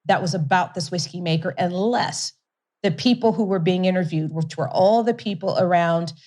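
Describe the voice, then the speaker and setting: A woman being interviewed as a guest, telling a story in an animated way, laughing often and repeating words for emphasis. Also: lowish voice, normal speed. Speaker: guest, company CEO.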